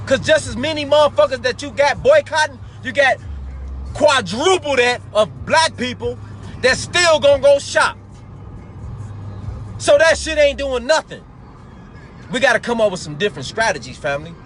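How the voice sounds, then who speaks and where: A man's voice: extremely high pitch, animated, normal speed, pauses often, a bit bright. A man hosting a live talk show, delivering an angry, profane commentary monologue and calling his listeners family. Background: faint background music.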